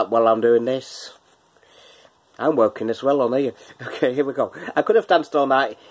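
A man's voice: medium pitch, darkish tone. A man hosting a casual quiz from his kitchen, chatty, laughing often and breaking into bits of song. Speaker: quiz host. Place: home kitchen.

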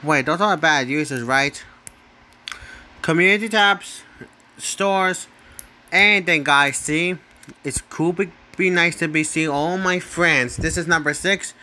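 A channel host with a bright, fairly high voice talks very slowly through a casual on-screen ranking, rambling and circling back to the same points. He keeps tagging "right?" onto his sentences and stumbles over names, correcting himself as he goes.

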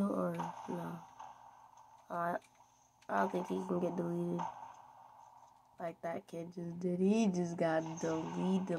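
A woman's voice: on the low side, vocal fry, a little mellow, slight background noise. A woman giving playful, rambling commentary over her gameplay, giggling often. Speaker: gaming video creator.

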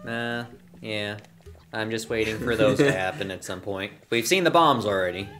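A man playing a video game and commenting casually, making relaxed, dry remarks. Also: lowish voice, normal speed. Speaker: let's play player.

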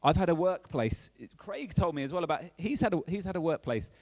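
A man gives a chatty, playful sermon. His pitch swings a great deal and sits a little high. The sound is close and dry. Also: expressive, fairly quick, a little mellow, no room sound. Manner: chatty and playful, keeps checking in with the audience. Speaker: preacher.

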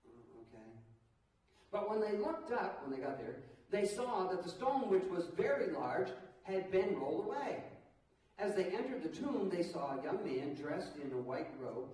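A middle-aged man preaching an Easter sermon in a church, animated, with asides to the congregation. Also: high voice, measured pace. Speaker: pastor. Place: church sanctuary. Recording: echoey church hall, mic at a distance.

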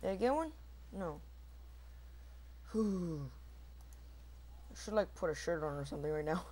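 Casting: goofy guy gamer, slow easygoing delivery, self-mocking commentary, mouths shooting noises. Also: lively intonation, a little mellow. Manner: goofy, mouths shooting sound effects in squeaky bursts; rambling, self-mocking asides to viewers. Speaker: gamer recording his own match. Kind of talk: casual gameplay commentary.

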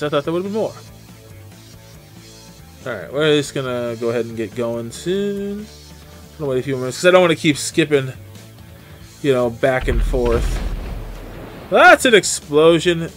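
A man's voice: fairly high pitch, expressive, moderate pace, long pauses, a bit bright, soft background music. A man streaming a game live, chatting casually and greeting viewers by name as he plays. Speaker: gaming streamer. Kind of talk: live gameplay commentary.

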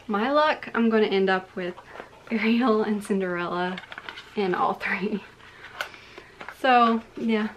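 A woman's voice: on the high side, a little hiss or hum. A woman collector gushing through a casual unboxing vlog at home, talking into a handheld camera. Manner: gushing, excitable. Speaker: collector vlogger.

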